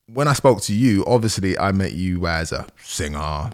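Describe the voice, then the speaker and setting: A male podcast host with a very deep voice that swings widely in pitch. He talks in an easy, conversational manner and acts out any words he quotes. This is a relaxed interview. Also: normal speed. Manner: animated, acts out quotes with big jumps in pitch.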